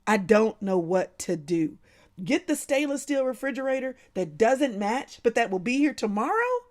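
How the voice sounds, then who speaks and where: A woman's voice: fairly high pitch, sing-song, moderate pace, a little mellow. A woman hosting a casual livestream, laughing often and calling her viewers by name. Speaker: livestream host.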